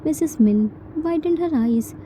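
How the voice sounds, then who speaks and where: A woman reading a fan-fiction story aloud as its narrator, in a slow, careful manner. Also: high voice, lively intonation, mellow, slight background noise.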